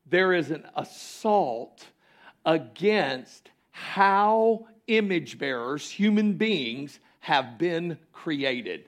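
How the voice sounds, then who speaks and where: A man preaching a sermon as pastor, with impassioned delivery that swings between loud exclamations and hushed lines in a church sanctuary. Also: fairly high pitch, expressive, very slow.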